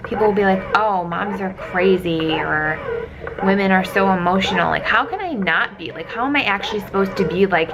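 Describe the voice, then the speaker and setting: A woman's voice: lowish voice, low-quality recording. A woman in her thirties talking candidly to a handheld phone camera in a chatty vlog, with lots of "like". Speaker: vlogger. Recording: clear background noise.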